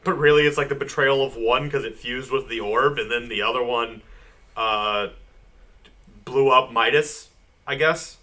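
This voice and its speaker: Guy with a bright punchy voice recapping comics for a podcast, laughing a lot and doing little character voices. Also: mid-range voice. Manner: animated, acts out characters' lines in quick voices; laughs often, lots of "like". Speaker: podcast co-host. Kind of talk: casual comic book chat.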